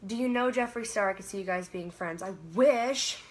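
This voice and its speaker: A woman's voice: mid-range voice, normal speed. A young woman from Canada hosting a casual livestream, reading viewer comments aloud, laughing often and trailing off mid-sentence. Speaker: livestream host.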